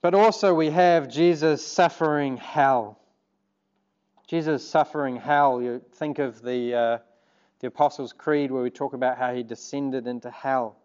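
A man's voice: medium pitch, fairly even intonation, a little slow, darkish tone, clear, resonant tone, dull audio. A man preaching a sermon, earnest and conversational, turning to the congregation with asides. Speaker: pastor.

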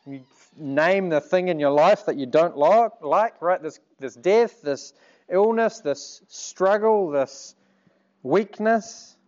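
A man preaching a sermon in an earnest, measured way, asking rhetorical questions. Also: fairly high pitch, a little mellow, muffled recording.

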